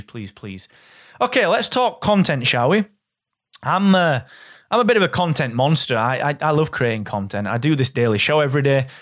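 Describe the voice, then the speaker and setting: A blunt, straight-talking man from the north of England hosts his own podcast, pushing and coaxing the listener with lively energy. His voice sits a little high for a man, and he drops in the odd swear word without a second thought. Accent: Northern English. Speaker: podcast host. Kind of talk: solo podcast monologue.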